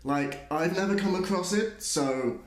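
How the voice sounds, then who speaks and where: A man's voice: high voice, unhurried, echoey room. A man putting on a ditzy young woman. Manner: hesitant, filler-heavy valley-girl talk.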